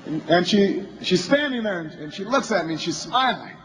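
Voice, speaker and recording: Politician guy telling a rally story, really high voice, builds up to yelling, faint hum behind. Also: animated, moderate pace. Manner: anecdotal storytelling that builds to shouting. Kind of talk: campaign rally speech.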